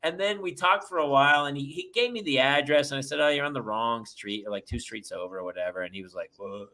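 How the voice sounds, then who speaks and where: Middle-aged male co-host, bright and forceful, animated storyteller who laughs mid-sentence. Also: mid-range voice, fast talker. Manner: animated anecdote-telling, laughs through the story. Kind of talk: casual chat.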